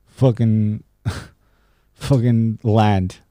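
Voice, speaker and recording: A young man from Romania hosts a casual solo podcast, talking loosely and profanely and laughing at his own jokes. His voice sits low and dark. It is recorded close and dry, with no room around it. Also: steady tone, very slow, dry recording. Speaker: podcast host. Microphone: studio podcast mic.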